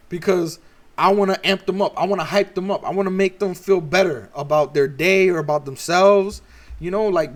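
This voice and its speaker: A young man hosting a livestream, talking frankly and with profanity in a rambling casual monologue. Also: sits high. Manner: frank, profane, repeats himself with restarts. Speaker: livestream host.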